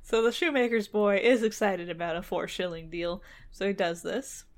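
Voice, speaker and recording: A woman reading a fairy tale aloud, breaking off for casual chat with wry, deadpan asides and frequent laughs. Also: medium pitch, moderate pace.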